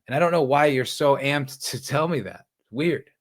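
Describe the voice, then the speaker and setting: A man's voice: mid-range voice, normal speed. A man hosting his own podcast, giving casual solo commentary in a sarcastic, rambling way, often mocking quoted voices. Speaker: podcast host.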